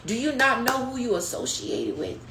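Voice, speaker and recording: A woman with a fairly high voice preaches a prophetic teaching in a lively, conversational way, leaning in and then rising to a shout. She talks to listeners as "baby" and "y'all". The room is echoey, with a faint hiss behind her. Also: moderate pace. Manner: passionate, conversational preaching with sudden rises and drops. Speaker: podcast host and preacher.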